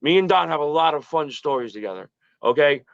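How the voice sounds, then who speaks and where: A man's voice: fairly high pitch, expressive, brisk, gravelly, no room sound, lo-fi sound. A man in his early forties, a podcast guest, telling stories in a casual, profane, rambling way. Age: early 40s.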